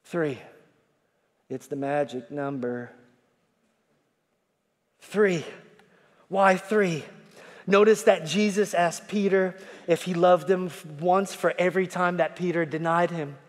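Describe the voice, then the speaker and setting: A male pastor preaching a sermon, folksy, swinging from shouting to hushed tones and calling out to the congregation. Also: high-pitched, slow pace, pauses often. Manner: folksy, repeats calls to the congregation. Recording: long hall reverb.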